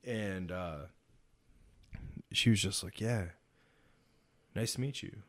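A man's voice: on the low side, slow. A man from upstate New York, a Navy chief guest on a podcast, telling profane, joking stories in casual chat. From upstate New York, USA. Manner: profane, joking storyteller who acts out both sides of his anecdotes.

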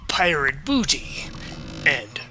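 A crusty old sea dog of a pirate, as a man puts him on draws out his words in a low, slow, theatrical growl. The voice has a bright, forceful edge under the gravel, like he's holding court by the rail. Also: big pitch swings, slight background noise, heavily acted. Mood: menacing, theatrical. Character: old male pirate spinning sea tales.

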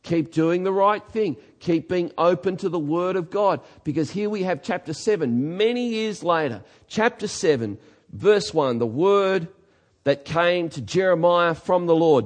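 A man preaching a sermon as pastor, emphatic, dropping low and then rising to shouts. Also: expressive, moderate pace. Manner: emphatic, swings from quiet to shouting.

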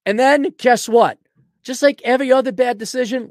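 A man hosting a podcast, delivering a blunt, mocking solo rant and often clearing his throat. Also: very high voice, a little fast, dry recording, studio quality. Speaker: podcast host. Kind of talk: ranting solo commentary.

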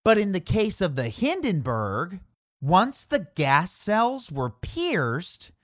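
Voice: medium pitch, wildly swooping pitch, no echo, studio quality. A narrator telling a piece of history in a conversational way, speaking directly to the listeners. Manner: unhurried, addresses listeners directly.

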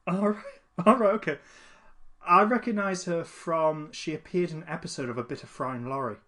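A man's voice: fairly high pitch, moderate pace, bright, forceful tone. A man chatting casually as a podcast co-host, rambling with many restarts and fillers. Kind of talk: casual chat.

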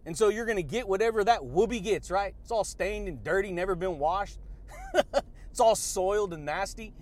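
A man hosting a motivational podcast who talks in an energetic, slangy way and laughs a lot. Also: high voice, normal speed. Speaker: podcast host. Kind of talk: motivational talk.

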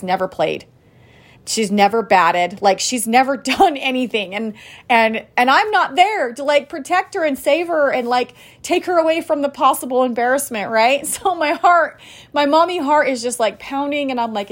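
A woman in her thirties chatting casually to viewers, telling a family story with lots of fillers and quoted dialogue. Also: on the high side. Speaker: vlogger and mom.

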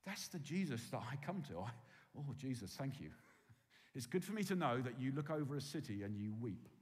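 A man preaching a sermon, swinging from loud emphasis to hushed, quiet tones. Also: mid-range voice, big pitch swings, fairly quick. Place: church hall with long reverb. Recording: reverberant hall.

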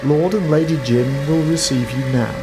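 A man voicing a brash, teasing young woman with a deep northern voice in a spoken story, pitched above his own voice. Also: normal speed, music in the background, natural voice.

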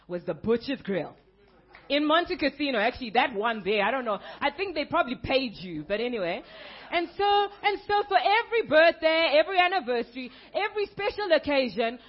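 Animated, husky-voiced woman preaching. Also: on the high side, dull audio. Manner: animated storytelling with a playful humor. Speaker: pastor. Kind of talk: sermon. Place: church service.

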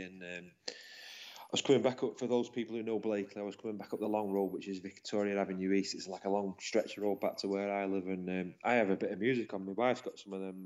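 A man, co-hosting a casual chat and telling stories warmly and at length. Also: lowish voice. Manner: chatty, rambling, emotional storytelling. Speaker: podcast co-host. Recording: dull lo-fi sound.

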